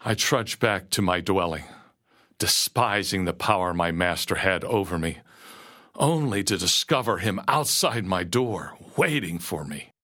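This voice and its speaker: Deep-voiced man narrating a story. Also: animated, a little slow, sharp tone. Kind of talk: first-person storybook narration.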